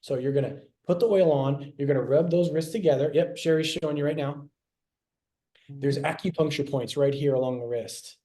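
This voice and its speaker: Mellow-voiced man teaching casually. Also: on the high side, normal speed. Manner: conversational, repeats himself, acts out quoted lines. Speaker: health class presenter.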